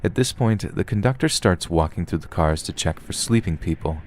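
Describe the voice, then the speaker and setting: A man narrating scary stories in a steady, even storytelling manner, as the host of a horror reading podcast. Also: low-pitched, normal speed. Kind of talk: scripted narration.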